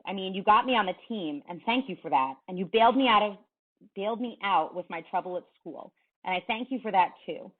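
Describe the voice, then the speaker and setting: A woman reading aloud as a pleading, upset teenage boy, her voice pitched up and shaky. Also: steady tone, normal speed. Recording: tinny phone-like sound.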